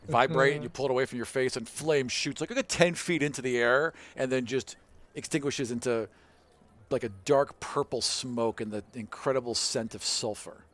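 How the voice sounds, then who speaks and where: A man's voice: medium pitch, normal speed. Male game master, easy laugh, casual scene-setting. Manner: relaxed, laughs easily, loose descriptive phrasing. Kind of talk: narrating a tabletop game.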